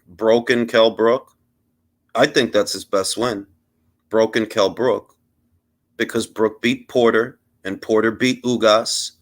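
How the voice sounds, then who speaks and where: A man's voice: mid-range voice, fairly bright tone. A man hosting a live boxing talk stream, ranting in a heated, profane, mocking way, with street slang and bits of Spanish. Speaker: boxing livestream host. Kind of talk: casual livestream rant.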